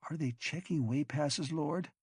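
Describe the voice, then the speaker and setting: A man's voice: a little high, measured pace, darkish tone, breathy edge, no echo, studio quality, voice pushed up. A man voicing a timid young male servant who answers deferentially. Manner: deferential, nervous.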